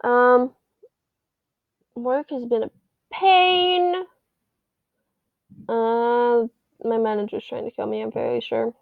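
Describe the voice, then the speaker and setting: A high-voiced young woman talks in a loose, rambling way, her voice a little hoarse. The sound is thin and phone-like, with no room echo at all. It feels like a casual video update recorded at home. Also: monotone, unhurried, long pauses. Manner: rambly, chatty. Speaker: vlogger. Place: bedroom at home. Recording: tinny, phone-like, dry sound.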